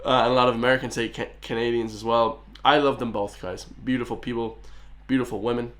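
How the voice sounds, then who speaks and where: A young Irish man chatting casually as he reacts to a video, excitable and rambling, with plenty of filler words. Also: mid-range voice, quick pace. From Ireland. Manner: excitable, rambling, lots of "like" and "guys".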